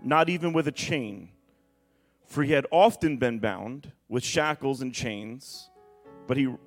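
Expressive male preacher reading scripture. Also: fairly high pitch. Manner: dramatic reading aloud, breaking into asides. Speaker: pastor.

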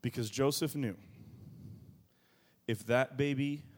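A man preaching a sermon as pastor, moving between quiet low asides and loud, high bursts of emphasis. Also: slow. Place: church.

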